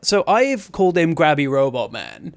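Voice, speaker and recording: A man co-hosting a casual podcast chat, animated and laughing often as he acts out scenes. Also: a little high, normal speed, creaky. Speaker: podcast co-host.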